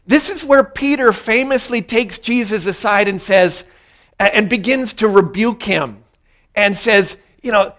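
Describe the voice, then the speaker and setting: Pastor, male, high voice, earnest sermon delivery that drives points home through repetition. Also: measured pace, a bit bright. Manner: earnest, repeats key lines for emphasis.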